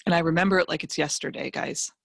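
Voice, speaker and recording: A woman's voice: low-pitched, fast talker, creaky, no echo, studio quality. Emphatic woman telling a motivational story. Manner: emphatic, animated storytelling with vivid asides. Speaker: guest speaker, financial educator.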